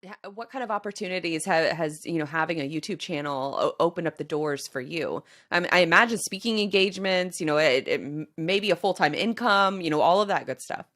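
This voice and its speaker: A woman's voice: lowish voice, animated, a little fast, hardly any pauses, fairly bright tone. A woman hosting a podcast interview, asking curious, conversational questions. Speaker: podcast host.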